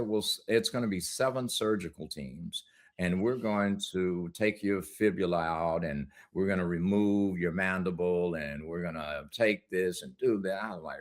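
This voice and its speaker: A man's voice: sits low, moderate pace. A middle-aged man, a guest on an interview show, telling a personal story in a candid, conversational way, with frequent laughs.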